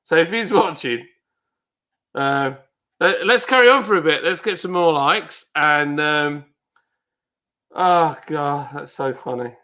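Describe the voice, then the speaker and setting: An excitable man with a British accent hosts a casual live stream, exclaiming and laughing as he chats. His voice sits a little high and sounds bright and forceful. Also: slow, long pauses. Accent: British English.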